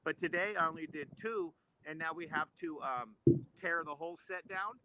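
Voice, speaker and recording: A man's voice: on the high side, steady tone, normal speed, pushed and bright, no echo, poor audio. A man, a stagehand guest, in an easygoing casual chat, laughing often.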